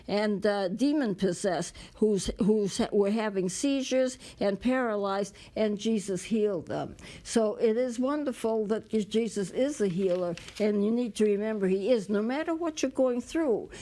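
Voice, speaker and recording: A woman delivers a sermon in a mellow, soft-toned voice. She speaks plainly and gently, often pausing, adding fillers and restarting her phrases as she goes. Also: medium pitch. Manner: halting, with many restarts and fillers. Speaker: preacher.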